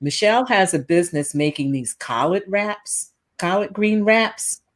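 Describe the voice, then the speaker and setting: A woman hosting a casual live chat, rambling a little and pausing with frequent ums as she searches for names. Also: medium pitch, animated, a little hiss or hum. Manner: rambling, hesitant with many ums. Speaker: host.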